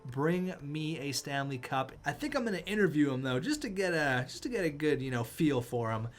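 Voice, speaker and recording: A man's voice: on the high side, very animated, quick pace, faint music behind. Exasperated man commentating a hockey game. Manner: exasperated, sarcastic, swings from groans to outbursts. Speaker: gaming YouTuber.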